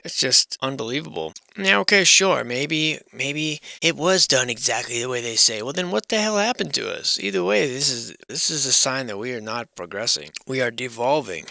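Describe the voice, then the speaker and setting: A man's voice: mid-range voice, creaky, pushed and bright, dry recording. A man giving casual, rambling commentary on old photographs of historic houses, sarcastic and irreverent, swearing freely and thinking aloud. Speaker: channel host.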